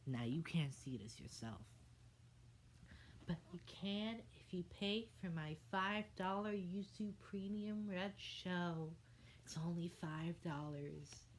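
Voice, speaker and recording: Slow soft-spoken woman reading aloud. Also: fairly low pitch, expressive, slight background noise. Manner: slow, soft, half-whispered asides. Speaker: book reader. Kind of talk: almost-ASMR book reading.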